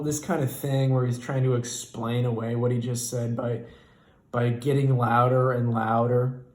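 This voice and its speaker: A man telling a stand-up comedy story in a profane, animated and exasperated way. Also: mid-range voice, unhurried, roomy sound.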